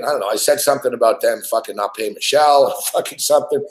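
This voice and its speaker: A man's voice: medium pitch, fast, hardly any pauses. A man hosting a podcast, telling a rambling story in casual chat with lots of swearing. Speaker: podcast host. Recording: roomy echo.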